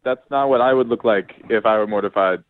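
A man's voice: on the low side, fairly quick. A man talking on a phone call to a radio show, hesitant and awkward. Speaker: caller on the phone. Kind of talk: phone interview. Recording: tinny phone line.

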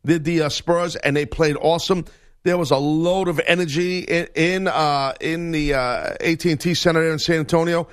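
A man co-hosting a sports radio show, talking in an animated, joking way with frequent restarts. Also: a little high, moderate pace, clear, resonant tone, no room sound, studio quality. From Italian heritage. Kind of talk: casual sports radio banter.

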